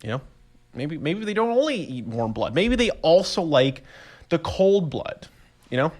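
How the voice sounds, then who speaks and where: A young man, casually rambling through a solo podcast story, animated and self-amused. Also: on the high side, normal speed. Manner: rambling, animated storytelling with laughs and voiced reactions. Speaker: podcast host.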